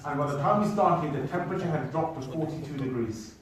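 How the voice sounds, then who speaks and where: A man telling a travel story to an audience in an animated way, speaking to them directly. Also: fairly high pitch, fairly quick, slight background noise. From United Kingdom. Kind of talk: storytelling talk. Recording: echoey hall, mic at a distance.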